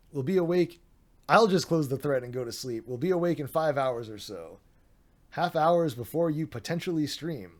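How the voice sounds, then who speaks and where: A man on a late-night live stream, sounding worn out as he works through a pile of online drama. His voice sits a little high for a man, and he keeps slipping into sardonic asides, swearing and laughing at what he reads. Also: darkish tone. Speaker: streamer reading drama threads. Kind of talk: casual live-stream commentary.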